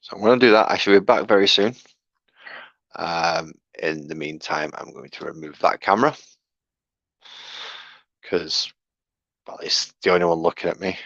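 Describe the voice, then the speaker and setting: A man with a low, husky voice talks casually on a live stream, rambling and muttering to himself as he works. The sound is dull and lo-fi, picked up by a wired headset. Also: normal speed, pauses often, fairly bright tone, no room sound. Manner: rambling, mutters to himself while fiddling with kit. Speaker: streamer painting miniatures.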